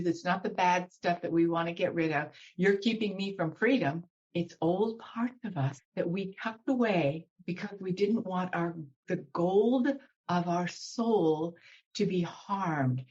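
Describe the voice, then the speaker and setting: Woman spiritual guide, lowish voice, soothing and unhurried, on a dull lo-fi video call line. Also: a little mellow, slightly rough. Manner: soothing, slows down to guide breathing. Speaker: guest spiritual teacher. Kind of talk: guided meditation and spiritual talk.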